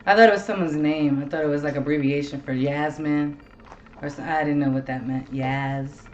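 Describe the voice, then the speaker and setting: Seorang wanita paruh baya yang mengobrol santai dan bertele-tele sebagai pembawa acara podcast, sering mengumpat dengan gaya yang hidup. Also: female voice, sits low, normal speed, dull audio, slight background noise. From Ohio. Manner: swears a lot, rambling and animated. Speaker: podcast host. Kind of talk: casual chat.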